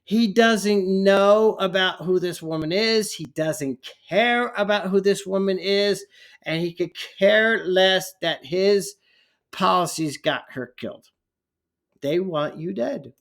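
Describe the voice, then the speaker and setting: A man's voice: high voice, slow, a bit bright. A man ranting heatedly in a political commentary vlog, often stumbling over his words.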